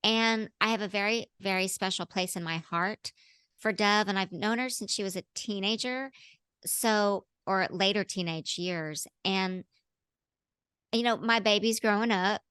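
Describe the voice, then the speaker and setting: Smooth-voiced bubbly woman. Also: fairly low pitch, sharp tone, no room sound, studio quality. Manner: bubbly, laughing, jumps into playful voices. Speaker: actress guest. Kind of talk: casual interview chat.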